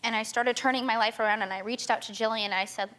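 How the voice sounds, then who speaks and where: Her voice sits fairly high and holds a steady tone, quick and fairly bright. She's a young adult guest on a talk show, tearfully and urgently recounting something personal, often tripping up and starting over.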